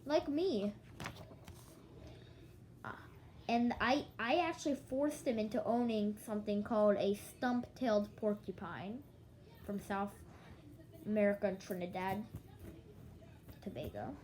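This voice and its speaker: Speaking slowly with frequent pauses, a young woman vlogger with a mid-range, mellow voice meanders through a story at home, sleepy and yawning. She trips over words, starts over, and plays out back-and-forth dialogue; the audio is poor, with a light room hum underneath.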